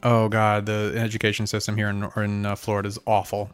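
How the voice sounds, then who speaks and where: A man's voice: fairly low pitch, completely flat delivery, fairly quick, clear, resonant tone, soft background music. A man from Pennsylvania hosting a casual podcast chat at a studio mic, wry and teasing, swearing freely. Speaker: podcast host. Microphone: studio mic with foam cover.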